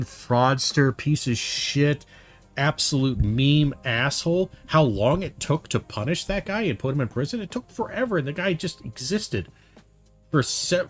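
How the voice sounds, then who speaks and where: Male commentator, mid-pitched, loose and rambling, a bit worked up, light music bed. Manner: rambling, heated, many fillers and restarts. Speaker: commentator reacting to a video. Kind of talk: casual spoken commentary.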